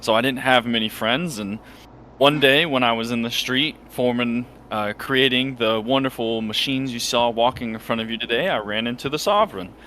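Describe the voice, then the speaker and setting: A man's voice: mid-range voice, normal speed, bright, forceful tone, a little hiss or hum, close to an everyday voice. A man voicing a young male gadget inventor who is earnest and bewildered, speaking in an eager, rambling way. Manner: eager, rambling in-character speech.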